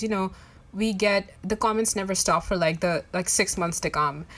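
A woman's voice: medium pitch, a little fast, fairly bright tone. Chatty young woman, podcast co-host. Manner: chatty, loose with fillers. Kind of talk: casual chat.

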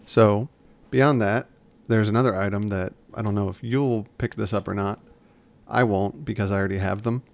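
A man's voice: on the low side, steady tone, normal speed, gravelly, darkish tone. A man co-hosting a podcast in casual chat, rambling and often restarting his sentences. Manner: chatty, rambling, self-correcting. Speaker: podcast co-host.

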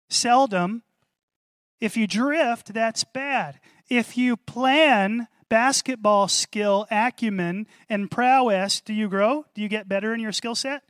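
A man preaching a sermon to a congregation, animated, repeating key phrases and calling for responses. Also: high-pitched, dry recording, studio quality. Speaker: pastor.

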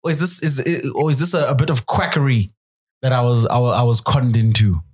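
A man's voice: medium pitch, fairly even intonation, a little fast, a little mellow, husky. A man hosting a casual interview, asking questions in an inquisitive, playful way. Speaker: podcast host.

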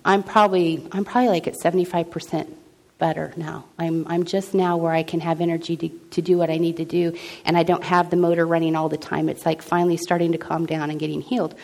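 A woman's voice: lowish voice, level tone, fast talker, vocal fry, a little mellow. A middle-aged woman gives an earnest personal testimony about her faith. She talks in a loose, conversational way and often restarts her sentences. She acts out the dialogue as she tells the story. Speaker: speaker sharing a personal testimony.

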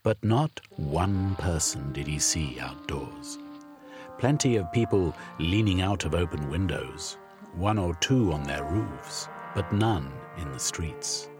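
A man reading a novel aloud as an audiobook narrator, in measured, expressive storytelling. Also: deep voice, music in the background. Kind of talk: scripted narration.

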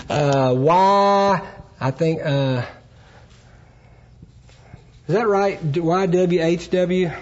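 A man preaching a Bible teaching sermon, earnest and emphatic, pausing and correcting himself as he goes. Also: on the high side, darkish tone. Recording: dull lo-fi recording.

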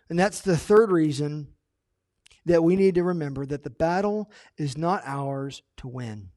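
A man preaching a sermon, animated, acting out the story's characters as he retells them. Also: a little high, unhurried. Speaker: pastor.

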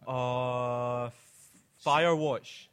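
A man's voice: medium pitch, steady tone, drawn-out words, a bit bright, clear, resonant tone. A man co-hosting a live podcast, playfully teasing his partner and guessing quiz answers. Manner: playful, teasing, laughs easily. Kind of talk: casual live podcast chat.

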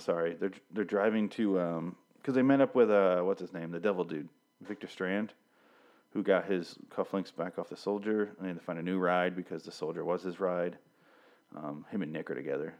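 A young man with a slightly low voice rants through a TV episode recap. He swears often, stumbles over restarts and fillers, and sounds worked up and flustered. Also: a little mellow. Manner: rambling, profane, frequent restarts and fillers. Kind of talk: casual rant.

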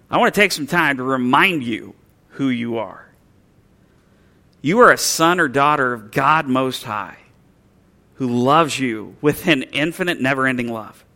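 A male pastor delivers a sermon in a church with a bright, forceful voice. He is earnest and emphatic. He often slows down and drops his voice to let key phrases land. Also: mid-range voice.

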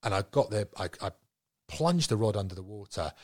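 A man, a guest angler, telling a fishing story in a casual, animated way. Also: fairly low pitch, fairly quick, no room sound, studio quality.

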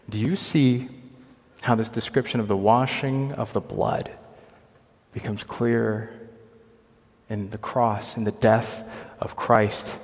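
A young man from Hong Kong preaching a sermon, earnest, asking rhetorical questions and moving between loud emphasis and quiet intensity. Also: medium pitch. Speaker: pastor. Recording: long hall reverb.

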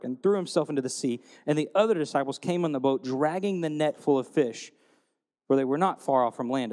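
A man preaching a sermon, telling stories and retelling scripture in a lively storytelling way. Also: mid-range voice, big-room sound. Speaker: pastor.

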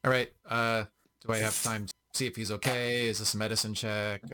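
A man's voice: fairly low pitch, level tone, fairly quick, sharp tone, smooth. A man playing a tabletop game, describing his character's actions. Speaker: player. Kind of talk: tabletop role-play.

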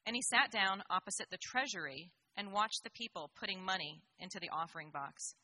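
Woman doing the bible reading, slow and clear, bright sharp voice, dry close sound. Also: medium pitch, dry recording. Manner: measured, clear reading aloud. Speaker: scripture reader.

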